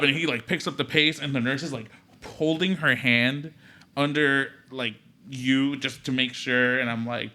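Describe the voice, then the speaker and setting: A young man co-hosting a podcast, telling a birth story in casual chat and acting out the quotes with big jumps in his voice. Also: a little slow. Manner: animated retelling, acts out quotes with big pitch jumps. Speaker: podcast co-host, new father. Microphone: podcast microphone.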